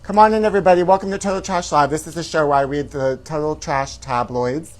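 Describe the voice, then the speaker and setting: A man's voice: a little high, fairly even intonation, fast talker. Campy male host, flamboyant gossip delivery, says honey a lot. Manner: flamboyant, calls viewers honey. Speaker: comedy show host.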